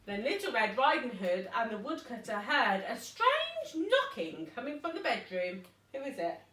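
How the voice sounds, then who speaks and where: Playful mum reading a bedtime story. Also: female voice, on the high side, normal speed. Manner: animated and playful, chatting with the kids. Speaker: mother reading to her children. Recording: echoey room, mic far off.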